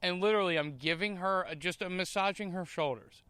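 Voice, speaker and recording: A man hosting a podcast, telling a story in a casual, animated way, tripping over and repeating his words. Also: sits high, fairly quick, clean tone, dry recording. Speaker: podcast host.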